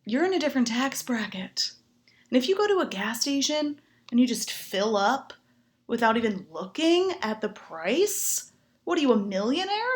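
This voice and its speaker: A woman in her twenties from Chicago, performing a sarcastic stand-up comedy set. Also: a little high. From Chicago, United States. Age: 20s. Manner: animated, sarcastic punchline delivery.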